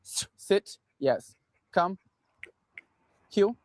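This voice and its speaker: Man, dog trainer, calm instructive tone, short commands, dry sound. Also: high voice, very slow, no echo.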